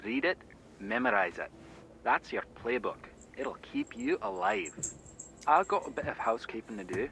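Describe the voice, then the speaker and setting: A curt spy handler from a video game, handing out orders in short, clipped lines. His voice has a gravelly edge, and his pitch rises and falls a lot even when he is brisk. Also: slight background noise, full character voice, rough recording. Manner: clipped, businesslike instructions. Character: terse male spy handler giving orders.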